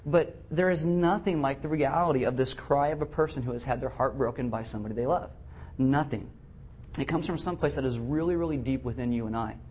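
A middle-aged man preaching a sermon as pastor, animated and acting out the voices he quotes. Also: mid-range voice, a little hiss or hum.

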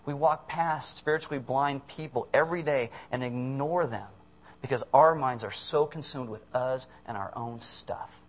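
A man preaching a sermon, animated and jokey, acting out voices and bursting into sudden shouts. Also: medium pitch, normal speed. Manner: animated, acts out voices of people and God.

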